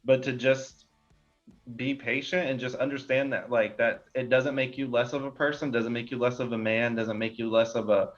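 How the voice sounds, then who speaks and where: A man's voice: medium pitch, fairly even intonation, normal speed, faint music behind. A young man, a podcast guest, talking earnestly in casual interview chat, rambling with lots of fillers. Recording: slightly dull lo-fi sound.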